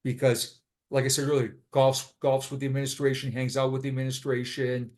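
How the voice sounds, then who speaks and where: A man's voice: medium pitch, level tone, fairly quick, a little mellow. A blunt man in his fifties with a Boston accent, telling his story as a retired police sergeant in a casual interview. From Boston, USA. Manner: blunt, frank.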